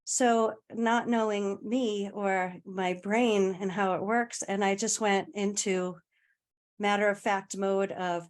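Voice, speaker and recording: A woman's voice: medium pitch, steady tone, slow. Chatty woman telling a story. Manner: chatty, laughs between phrases, trails off mid-sentence. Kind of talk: casual conversational storytelling.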